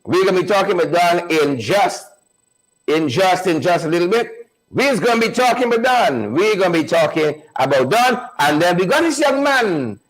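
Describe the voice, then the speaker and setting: A high-voiced man runs a live online show. He repeats himself to build energy and greets viewers one by one in a loose, hyped-up chatting style. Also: low-quality recording. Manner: repetitive, hype-building, calls out viewers by name.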